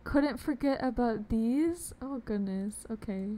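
A young woman's slightly high, mellow voice is expressive and measured as she streams a game live. She chats casually and bubbly with viewers, giggling and laughing often.

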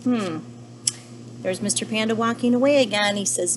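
A young adult woman teacher gently reading a picture book to children and asking them questions about the pages. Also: mid-range voice, moderate pace, pauses often, slight background noise, rough recording. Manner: gentle, asks the listener questions. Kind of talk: children's story read-aloud.

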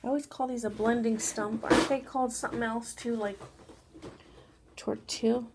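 A woman casually talking viewers through a drawing tutorial, chatty and softly spoken, with rambling asides. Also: fairly high pitch, fairly even intonation, fast talker, very noisy. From Mexican background.

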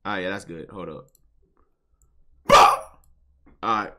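A man's voice: deep voice, steady tone, fast talker, sharp tone. A young man hosting a live stream, bantering loosely with callers and chat in heavy slang.

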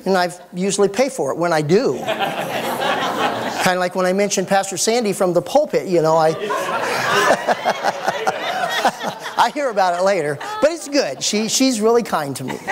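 A middle-aged man preaching a sermon as pastor, folksy and animated with joking asides. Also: high voice, a little slow, long pauses, over a noisy crowd.

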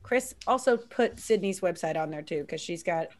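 A woman comedian hosting a casual live-stream interview, telling stories in a chatty, animated way with many fillers. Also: fairly low pitch, normal speed. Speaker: comedian host.

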